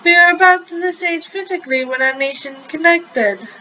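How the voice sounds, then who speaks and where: A woman's voice: very high voice, normal speed, sharp tone, soft background music, voice pushed up, poor audio. A woman reading aloud and voicing a cheerful, teasing young man who talks chirpily.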